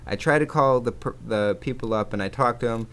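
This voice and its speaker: A man's voice: mid-range voice, fairly quick, a bit bright, clear, resonant tone. A young man rambling casually as he tells a story over his gameplay video, with lots of restarts and casual swearing. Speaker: gaming YouTuber.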